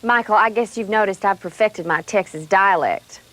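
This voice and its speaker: A woman's voice: mid-range voice, normal speed, fairly bright tone, rough recording. A woman from Brooklyn co-hosting, asking questions in a playful, giggly casual chat. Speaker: co-host interviewer.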